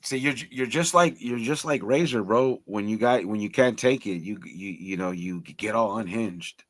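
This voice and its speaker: A man's voice: lowish voice, normal speed, no room sound. Rambling man saying bro on a stream. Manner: loud, rambling, repeats words, says bro a lot. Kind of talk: casual live-stream banter.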